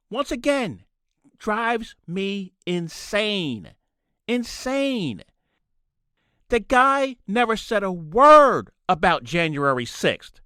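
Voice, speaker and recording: A man holds forth alone on his podcast with a lively, swinging pitch and a forceful edge to his voice. He rants and hammers his points home by repeating them, close on the mic in a dry room with no echo. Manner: ranting, repeats points for emphasis. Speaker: podcast host. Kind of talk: solo political commentary.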